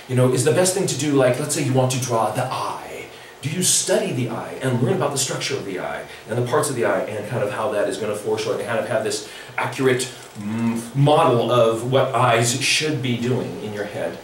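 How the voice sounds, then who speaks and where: A middle-aged man teaching a live drawing workshop, relaxed and playful as he talks with the room. His voice sits at an ordinary pitch and comes from a distance, with heavy echo in a large hall. A steady hiss of room noise runs underneath. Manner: chatty, animated, playful with the audience. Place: large echoey lecture room. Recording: echoey hall recording from far off.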